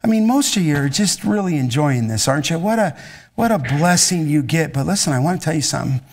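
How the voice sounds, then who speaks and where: A man's voice: a little high, lively intonation, quick pace. A middle-aged man preaching to students and taking their questions, in an intense, emphatic way. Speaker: pastor.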